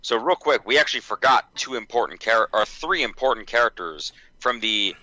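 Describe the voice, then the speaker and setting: A man co-hosting a podcast, talking in quick, profane, animated banter. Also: mid-range voice, no echo, lo-fi sound. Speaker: podcast co-host. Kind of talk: casual chat.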